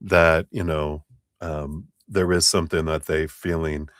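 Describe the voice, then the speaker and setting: Low-voiced chatty tarot reader man. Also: fairly even intonation, measured pace, no room sound, studio quality. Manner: chatty, rambling, laughs often. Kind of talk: live-stream tarot reading.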